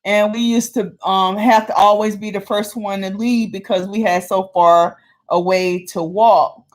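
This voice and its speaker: A woman's voice: mid-range voice, measured pace. A woman vlogger telling a personal story in a casual way and acting out the people in it. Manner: animated, acts out the people in her story.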